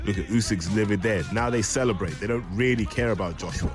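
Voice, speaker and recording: A man's voice: fairly low pitch, fairly quick, music in the background. A man giving blunt, scornful commentary over boxing footage. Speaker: boxing analyst.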